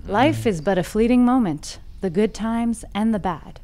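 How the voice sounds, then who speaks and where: A woman's voice: medium pitch, moderate pace, warm tone. A woman presenting a scripted storytelling segment on a podcast, laughing at herself and playful in between. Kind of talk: reading a scripted segment and chatting.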